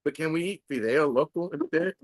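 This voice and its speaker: A man hosting a casual live chat in a restaurant, telling animated stories and acting out the voices of the people in them. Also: a little high, a little fast, no echo. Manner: animated storyteller, acts out voices in anecdotes. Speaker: show host.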